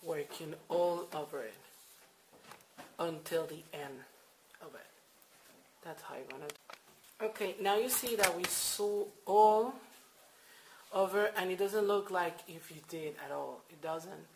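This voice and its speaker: A woman's voice: fairly low pitch, a little slow, long pauses, darkish tone, slight background noise, poor audio. A woman explaining crochet steps in a casual, hesitant way, full of fillers and repeated instructions. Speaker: crochet tutorial maker. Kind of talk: casual how-to demonstration. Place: home at night.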